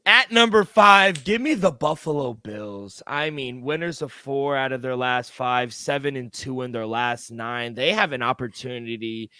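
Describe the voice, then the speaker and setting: A man's voice: mid-range voice, a little slow, hardly any pauses, sharp tone, smooth, no echo. A man co-hosting a sports betting podcast, talking emphatically and swearing freely as he gives his picks. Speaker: co-host.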